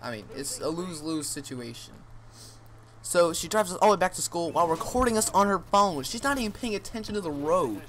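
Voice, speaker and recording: A man's voice: high-pitched, lively intonation, brisk, a crowd in the background. A teenage boy vlogger rambling through a funny story with lots of fillers, sounding amused. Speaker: gaming channel vlogger. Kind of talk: storytime rant over gameplay.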